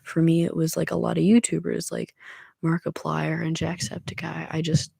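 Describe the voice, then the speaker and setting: A young adult ASMR livestreamer in soft-spoken, whispered ASMR chat, rambling and emotional, talking from a small room at home. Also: mid-range voice, completely flat delivery, moderate pace, vocal fry, slightly rough, no room sound, clean studio sound.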